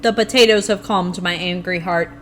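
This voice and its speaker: A young woman streaming a video game live, talking to herself and her chat in an animated, playfully grumbling way. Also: fairly low pitch, normal speed, a little hiss or hum. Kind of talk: live gameplay commentary.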